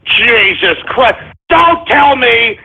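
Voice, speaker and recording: A man hosting a comedic call-in radio show, theatrical and exasperated, with mock whining and shouting. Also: extremely high pitch, animated, takes it slowly, husky. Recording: tinny lo-fi broadcast.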